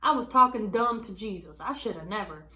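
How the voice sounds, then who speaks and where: A woman's voice: mid-range voice, animated, a little fast, pushed and bright. Chatty woman vlogger in an echoey room. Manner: chatty, addresses viewers as y'all, many fillers. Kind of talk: casual storytelling to camera. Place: small room at home.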